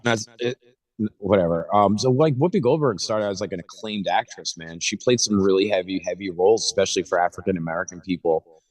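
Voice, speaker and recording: Young man, low-ish voice, jokey podcast banter, sits back from the mic. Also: a little fast, recorded from a distance. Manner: joking, riffing, laughs a lot. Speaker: podcast co-host. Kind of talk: casual chat.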